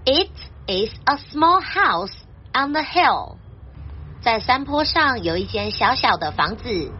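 High, lively woman teaching a children's story. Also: takes it slowly, dull audio, slight background noise. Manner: clear, gentle teaching delivery. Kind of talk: children's story translation and vocabulary lesson.

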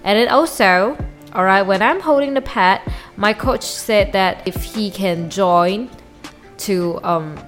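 A woman whose first language is Mandarin Chinese, hosting a solo diary podcast and talking haltingly as she searches for English words and restarts her sentences. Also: medium pitch, soft background music. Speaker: podcast host.

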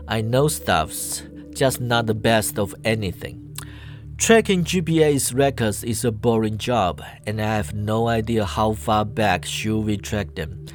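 A man voicing a tired young male student detective, speaking low and wearily. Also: expressive, a little slow, faint music behind. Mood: weary.

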